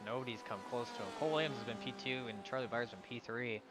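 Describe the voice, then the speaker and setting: A man's voice: medium pitch, quick pace, over music. A man giving live commentary on an online sim race, calling out positions and sometimes stumbling over drivers' names.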